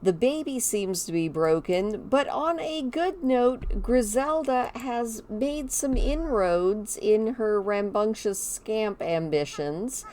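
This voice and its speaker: Woman game commentator, chatty and animated, slow delivery, lively pitch. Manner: chatty, animated, talks to her characters. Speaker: gameplay commentator.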